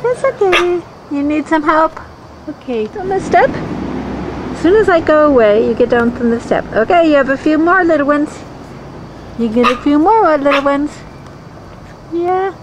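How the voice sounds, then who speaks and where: Outdoors with a handheld camera, a woman films her pets and coaxes them in sing-song baby talk for a home video. Her voice is high and her pace measured, with long pauses, and background noise comes through the camera mic.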